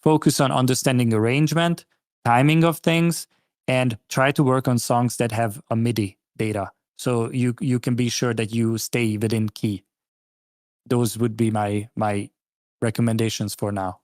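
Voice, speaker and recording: A man's voice: medium pitch, fairly even intonation, normal speed, darkish tone, no echo, clean studio sound. A man giving casual, patient feedback on a listener's music track, with many fillers and restarts. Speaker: guest track reviewer.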